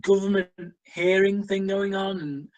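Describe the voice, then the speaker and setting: A man talks through a film review at an unhurried pace. He is blunt and exasperated, filling gaps with "um" and restarts as he picks the film apart. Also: sits high, steady tone, dull audio. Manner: blunt, exasperated critic with many fillers. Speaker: co-host of a film review show. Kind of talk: casual film review chat.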